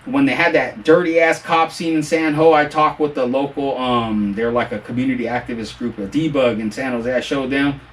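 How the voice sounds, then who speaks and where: Profane, animated man telling stories. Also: mid-range voice, moderate pace, hardly any pauses, recorded from a distance, slight background noise, rough recording. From Bay Area, California. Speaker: interview guest, videographer. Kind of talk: casual interview chat.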